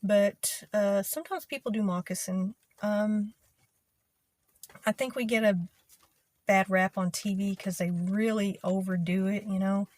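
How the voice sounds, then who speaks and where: A young woman from Texas with a Texas twang, talking casually to her channel in an easygoing, rambling way with many pauses and ums. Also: mid-range voice, fairly even intonation, a little mellow. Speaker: video creator. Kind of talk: casual talk to camera.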